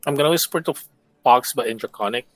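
A man's voice: medium pitch, quick pace, no room sound. A man playing a tabletop game, chatty and giggly as he describes what his character does. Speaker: player. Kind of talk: casual tabletop play.

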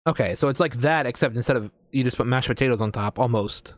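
American dude chatting loose on a podcast, lots of likes and ums, dry close sound. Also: male voice, medium pitch, fast talker, dry recording. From United States. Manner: rambling, swears casually, frequent fillers. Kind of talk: casual chat.

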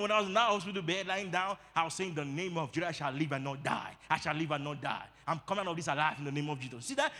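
A man preaching a sermon as lead pastor, leading call-and-response and building to shouts. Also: high voice. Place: church hall. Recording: long reverb of a church hall.

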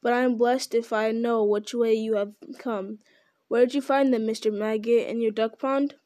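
A cheerful young fellow, as a woman reads him aloud, brisk and teasing, tumbling through his words. The voice sits lightly high, close to the reader's own. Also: fairly even intonation, dark tone, dry recording, natural voice.

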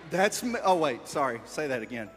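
Man, high voice, playful and encouraging, reads the story and directs the volunteers, big echoey room. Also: sing-song, a little fast, breathy edge, soft background music. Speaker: leader of a children's skit. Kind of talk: reading a story aloud while directing volunteers. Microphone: wearing a body mic.

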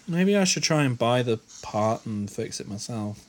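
A man swearing and muttering through casual commentary as he plays a game. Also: mid-range voice. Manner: sweary, animated, mutters under his breath. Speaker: gamer.

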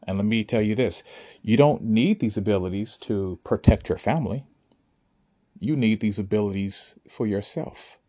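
Speaking at a moderate pace, this spiritual speaker has a mellow, fairly low male voice. His motivational address to the audience is emphatic and preachy, punctuated by frequent questions about whether they understand.

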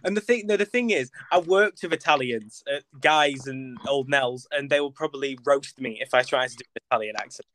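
A man's voice: mid-range voice, brisk, hardly any pauses, a bit bright. A young man from North West England, a theatre performer chatting as an interview guest, self-mocking and full of ums and likes. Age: young adult. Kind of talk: casual interview chat.

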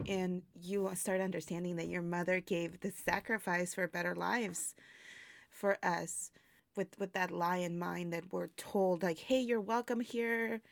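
A woman's voice: lowish voice, little pitch movement, a little slow, creaky, no room sound. A woman who performs burlesque, talking reflectively in a casual interview, laughing often and using many fillers. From immigrant to the United States.

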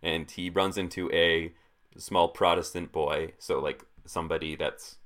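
A man's voice: sits low, steady tone, measured pace, a bit bright. A man in his twenties chatting casually about films, rambling with lots of "like" fillers. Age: 20s. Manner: filler-heavy, rambling with frequent "like". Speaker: podcast co-host. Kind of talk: casual chat about movies.

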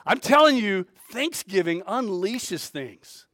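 A man preaching, telling a story with big swings between loud and soft and acting out the voices of the people in it. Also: high voice, very animated, measured pace. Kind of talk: storytelling sermon.

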